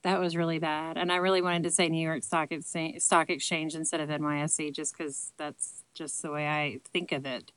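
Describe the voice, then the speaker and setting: A woman's voice: sits low, little pitch movement, moderate pace, few pauses, fairly bright tone, clean tone, dry recording, low-quality recording. A woman in her late thirties with a Southern accent, chatting casually to camera and answering questions in a rambling, self-deprecating way full of ums. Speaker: vlogger answering viewer questions. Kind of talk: casual chat.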